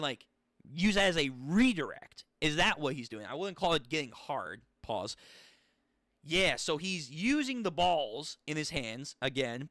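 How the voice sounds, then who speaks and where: A young man casually reading a manga aloud and commenting, excitable and joking, with profane asides. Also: a little high, no echo, clean studio sound. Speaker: channel host reading a manga.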